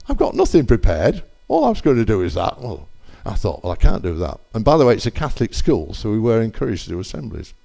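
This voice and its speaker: A man's voice: on the low side, vocal fry. Older guy telling church stories, voice going up and down all over, keeps correcting himself. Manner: rambling, animated anecdotes with self-corrections. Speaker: churchgoer giving testimony. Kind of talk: church testimony storytelling.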